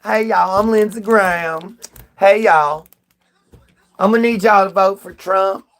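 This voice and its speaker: A man's voice: sits high, measured pace, a bit bright. A man voicing a Southern-drawling male politician who begs for votes and money, with a put-on Southern US drawl and a mocking, pleading manner.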